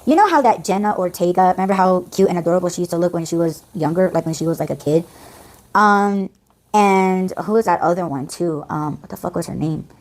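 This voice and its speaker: A woman's voice: on the low side, brisk, a little mellow. A woman hosting a casual podcast, ranting in a blunt, profane, exasperated way. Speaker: podcast host.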